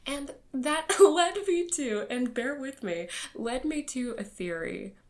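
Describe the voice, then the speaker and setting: A woman's voice: high-pitched, expressive, slow. A young woman reviewing a book in casual, rambling chat, laughing often and filling her talk with fillers.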